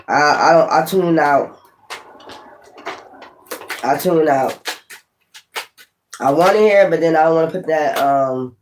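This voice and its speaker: A woman's voice: deep voice, darkish tone, slight background noise, low-quality recording. A woman hosting a live stream as a tarot reader, rambling casually and talking straight to her viewers.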